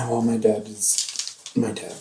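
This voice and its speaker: A man's voice: fairly low pitch, flat delivery, slow, a little mellow, far from the mic, a little hiss or hum. A man in his thirties, co-hosting a podcast in casual chat, sarcastic and teasing, swearing freely. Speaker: podcast co-host. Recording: roomy echo.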